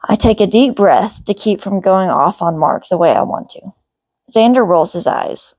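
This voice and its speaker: A woman, the author, reading her novel aloud as first-person narration in a steady, even way. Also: mid-range voice, moderate pace, no room sound.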